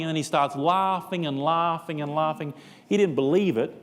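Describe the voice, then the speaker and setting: A man's voice: fairly high pitch, normal speed, in a large hall. A man preaching a seminar sermon, telling a story and acting out both sides of a conversation. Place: church.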